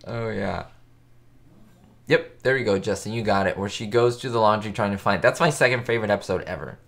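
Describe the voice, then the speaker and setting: Casting note: young adult male host, somewhat low voice, chatty and eager, live-chat delivery into a home desk mic. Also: fairly quick, creaky, fairly bright tone. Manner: chatty, enthusiastic, quotes show lines in put-on voices. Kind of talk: casual live-stream chat. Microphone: webcam or desk mic.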